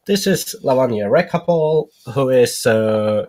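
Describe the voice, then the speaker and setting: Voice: medium pitch, expressive, slow, pushed and bright. A player voicing a boastful male wrestling champion introducing himself in a tabletop game. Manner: proud, announcing.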